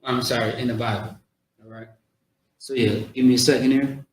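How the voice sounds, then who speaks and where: A man's voice: mid-range voice, fairly even intonation, a little hiss or hum. Guy teaching how to say words, repeats stuff a lot, echoey and far from the mic. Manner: repetitive, coaching, drawn-out sounds. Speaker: street teacher. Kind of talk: outdoor pronunciation lesson.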